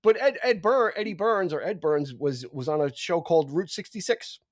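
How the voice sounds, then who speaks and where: A man's voice: fairly high pitch, animated, moderate pace, dry recording, studio quality. A man co-hosting a podcast, chatting casually about an old film with many restarts and fillers. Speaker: podcast co-host.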